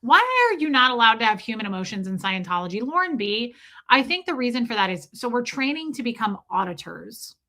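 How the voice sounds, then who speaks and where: A woman's voice: on the high side, brisk. A woman in her forties hosting a livestream, telling a personal story frankly with lots of "like" and "right?". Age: 40s. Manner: frank and animated, swears, frequent "right?" and "like". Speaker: livestream host.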